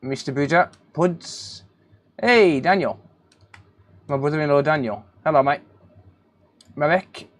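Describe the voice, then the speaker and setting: Reading viewers' names from chat and calling them mate, a repair technician hosts a relaxed, casual live stream. His voice is fairly high, a little slow, and he pauses often.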